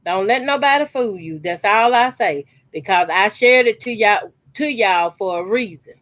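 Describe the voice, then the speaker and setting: A woman's voice: medium pitch, animated, moderate pace, fairly bright tone, no room sound. A woman, chatting casually to her viewers while she cuts fabric scraps for a quilt, emphatic and repetitive. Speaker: sewing channel host. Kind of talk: casual chat while sewing. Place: her sewing corner at home.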